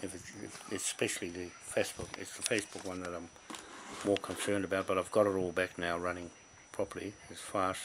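A man with a lowish voice talks straight to camera, blunt and full of swearing. He circles back over the same words again and again. The recording is noisy, with a clear hiss running underneath. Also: flat delivery, fairly quick. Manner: blunt, profane and repetitive. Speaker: vlogger. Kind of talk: casual to-camera talk.

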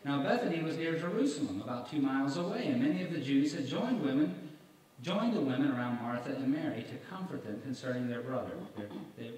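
A man's voice: mid-range voice, a little mellow. A male evangelist preaching and reading scripture, stressing points with rhetorical questions to his listeners. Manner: emphatic, rhetorical questions to the congregation. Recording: very echoey hall, mic far off, faint noise.

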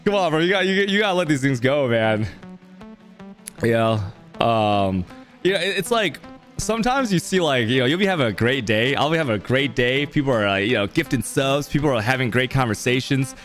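A man's voice: mid-range voice, lively intonation, brisk, a bit bright, faint music behind. A young man streaming live, chatting casually with his viewers in a rambling, laughing way with lots of fillers.

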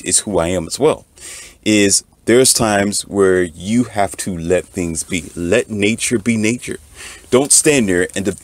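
A man's voice: lowish voice, no echo. A man, monologuing to his channel's viewers in a preachy storytelling way, repeating "okay" again and again. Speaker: channel host.

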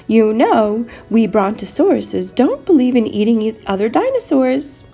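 A woman's voice: fairly high pitch, very animated, a little slow, dark tone, husky, faint music behind, exaggerated voice. A woman voicing a stern dinosaur father who lectures his children in a storybook reading.

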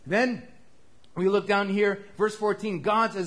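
A male pastor preaching to his church in an animated way, acting out the quoted exchanges. His voice sits a little above the usual pitch for a man. He jumps between loud, excited bursts and quiet, low asides. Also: normal speed. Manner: animated, acts out quoted dialogue with shifting pitch and loudness. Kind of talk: sermon.

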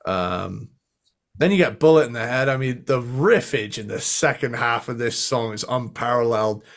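Podcast co-host, male, mid pitch, upbeat and sweary, sings bits of songs. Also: normal speed. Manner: enthusiastic, sings riffs and swears casually. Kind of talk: casual chat.

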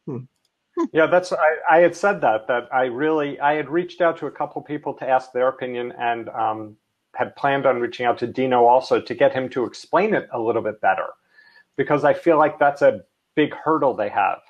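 A man talking in a casual online panel chat. He is animated, often restarts his sentences and laughs along. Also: mid-range voice, normal speed. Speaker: co-host. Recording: dull lo-fi call audio.

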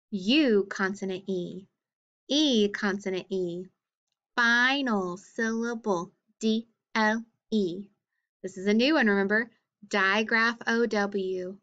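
Slow, deliberate woman teacher. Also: mid-range voice, fairly bright tone, lo-fi sound. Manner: slow, deliberate, spells out letters one by one; encouraging praise after each answer. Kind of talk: phonics drill lesson.

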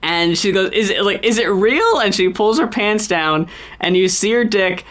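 A woman co-hosting a casual podcast, excitedly retelling a film scene and gushing over it. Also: medium pitch, normal speed. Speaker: podcast co-host. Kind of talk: casual chat.

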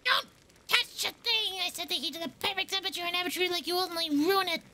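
A woman voicing a fussy, proud young woman cook in a video game, reading her lines aloud in a high, chirpy, indignant voice. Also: fast talker, bright, forceful tone.

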